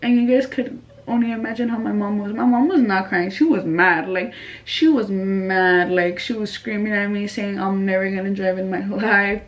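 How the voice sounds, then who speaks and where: A woman's voice: mid-range voice, far from the mic, lo-fi sound. A young woman from California telling a casual storytime, slangy and chatty, dropping Spanish phrases into her talk. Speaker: vlogger.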